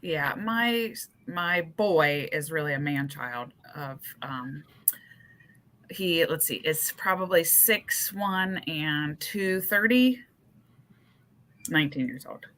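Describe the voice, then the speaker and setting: A woman in her forties co-hosts a podcast, telling lively stories and teasing her co-hosts. Her voice sits a little low, but it has a bright, forceful edge. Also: slow. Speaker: podcast co-host. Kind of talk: casual chat.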